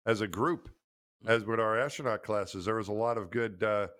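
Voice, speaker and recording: A man's voice: lowish voice, moderate pace, fairly bright tone. Chill guy cohosting, agrees a lot, dry jokes. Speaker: podcast co-host, former astronaut. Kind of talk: casual chat.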